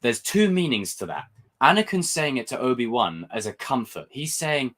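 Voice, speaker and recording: An excitable young man hosting a casual review stream. He rambles and swears freely as he talks his way through his thoughts, restarting sentences when he gets carried away. His voice sits at an ordinary, middle pitch. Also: normal speed. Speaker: host.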